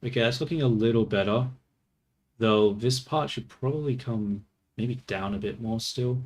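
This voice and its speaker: A man's voice: mid-range voice, moderate pace, a little mellow. A man streaming his 3D work, talking casually to himself as he goes, swearing offhand and laughing at his mistakes. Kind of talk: casual think-aloud commentary while working.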